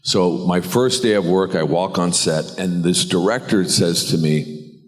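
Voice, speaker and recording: A man's voice: deep voice, measured pace, in a large hall. A man, an actor on a convention panel, telling a rambling, self-deprecating anecdote and laughing often. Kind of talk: anecdote storytelling.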